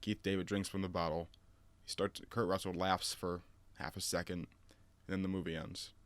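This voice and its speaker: A man's voice: deep voice, normal speed, no echo. A man co-hosting a casual movie chat, retelling scenes with lots of fillers and laughs. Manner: animated storytelling, frequent laughs and fillers. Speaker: podcast co-host.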